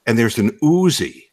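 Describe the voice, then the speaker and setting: A male radio host in comic chat, telling stories and laughing often. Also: medium pitch. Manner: animated storyteller, laughs often.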